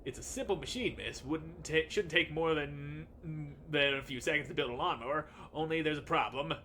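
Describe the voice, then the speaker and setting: A man's voice: a little high, normal speed, sharp tone, a little hiss or hum. A man voicing a humble, plain-spoken engineer in a video game, polite and folksy. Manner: folksy, polite, calls her miss.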